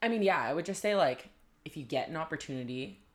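Animated Canadian woman, lots of "like". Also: low-pitched, fast talker. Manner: animated, lots of "like", acts out quoted people. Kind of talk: casual chat.

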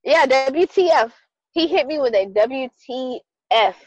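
A young adult woman co-hosting a podcast, telling a dating story in casual chat, animated and profane, acting out both sides. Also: high voice, unhurried, muffled recording. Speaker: podcast co-host.

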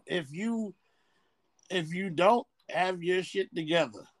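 A man's voice: high-pitched, takes it slowly, dry recording. A man co-hosting a podcast, talking bluntly in a casual, profane way. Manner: blunt, profane, animated storytelling. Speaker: podcast co-host.

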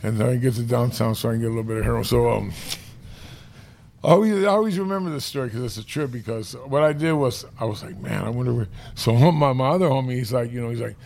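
Gravelly streetwise man telling a story. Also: mid-range voice, darkish tone. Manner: profane, streetwise, laughing while telling. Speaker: podcast regular telling a story. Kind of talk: casual storytelling chat.

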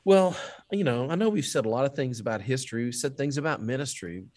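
Man, mid-range pitch, animated storyteller, interview guest. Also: quick pace. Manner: animated storyteller, rising pitch when quoting others. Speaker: guest, history teacher. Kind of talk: storytelling in a faith podcast interview.

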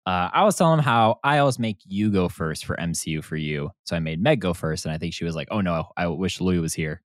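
A man hosting a podcast, talking in an excitable, animated way and swearing freely. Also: sits low, fast, dry recording, studio quality. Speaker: podcast host. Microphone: remote recording setup.

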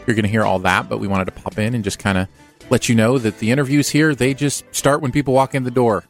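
A man's voice: mid-range voice, fairly even intonation, quick pace, faint music behind. A man co-hosting a podcast, joking and laughing often in casual chat. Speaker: podcast co-host.

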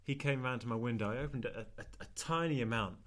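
A man's voice: medium pitch, quick pace, fairly bright tone. A young man telling a story in casual chat as podcast co-host, dry and self-mocking.

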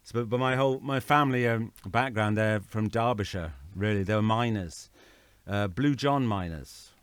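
A man's voice: fairly low pitch, normal speed, clear, resonant tone, dry recording. A middle-aged man from England, a guest in casual conversation, rambling and correcting himself as he tells stories. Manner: rambling, self-correcting storyteller.

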